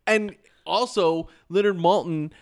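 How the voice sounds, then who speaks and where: A man co-hosts a casual podcast, talking with rambling enthusiasm and tripping over repeated words. His voice sits a little high. The sound is dry and close, with no room around it. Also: measured pace, no room sound. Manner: rambling, repeats words while searching for thoughts. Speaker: podcast co-host. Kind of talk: casual movie chat.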